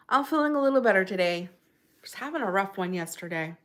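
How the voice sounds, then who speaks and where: Bubbly, lively woman livestream host. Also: medium pitch, fast. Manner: bubbly, chatty, greets people by name. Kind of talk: casual livestream chat greeting viewers.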